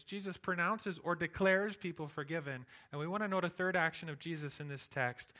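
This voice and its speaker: A man's voice: fairly high pitch, pushed and bright. A pastor preaching a sermon, earnest and emphatic, driving his points home with rhetorical questions.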